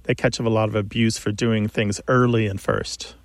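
A man's voice: lowish voice, level tone, moderate pace, no echo. A man co-hosting a call-in radio show about language, explaining at length to callers in a thoughtful way.

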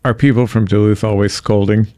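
A man hosting an interview, playful and quick to riff and laugh along with his guest. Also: on the low side, level tone, mellow, clear, resonant tone, dry recording. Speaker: interviewer, host. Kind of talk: casual interview talk.

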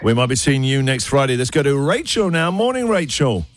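A man's voice: mid-range voice, sing-song. Jokey radio host man. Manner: jokey, teasing, quick asides. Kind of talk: casual radio banter.

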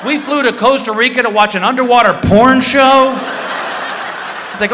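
A man's voice: extremely high pitch, normal speed, long pauses, noisy background. A man telling a comic story on stage, acting out the people in it with big vocal swings. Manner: animated, acts out voices with big jumps. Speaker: stand-up comedian. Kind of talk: stand-up comedy storytelling. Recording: live hall reverb, faint ambience.

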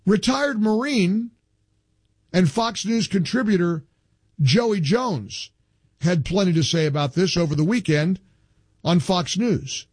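A man's voice: high voice, lively intonation, slow, pauses often, a little mellow, slightly rough, no room sound. A male talk show host giving emphatic opinion commentary, reading from articles and building into indignant outbursts.

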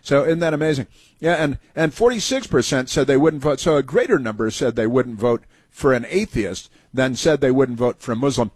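A man's voice: medium pitch, fairly quick, darkish tone, husky, dry recording. A man hosting a talk show, delivering a sarcastic, indignant monologue with mocking asides. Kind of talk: opinionated talk radio monologue.

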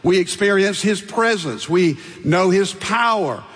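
An older man preaching with emphatic, rhythmic lists, his voice sitting a little high for a man. Long reverb trails off his words in a large church hall. He leans into stressed phrases and lets them ring out. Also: expressive, unhurried, fairly bright tone. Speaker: pastor. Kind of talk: sermon.

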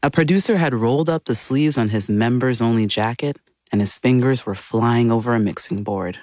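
A man giving scripted documentary narration with measured, dramatic pacing. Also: mid-range voice, a little mellow, dry recording, studio quality.

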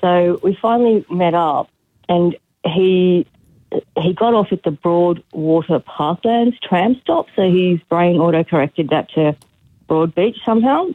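Woman caller, brisk and exasperated, thin phone-line sound. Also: lowish voice, no room sound. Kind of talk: phone-in anecdote.

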